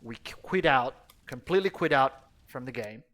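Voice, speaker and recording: A man's voice: medium pitch, lively intonation, normal speed, a bit bright. A man chatting casually while streaming a game, rambling and swearing bluntly. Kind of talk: casual gameplay chat.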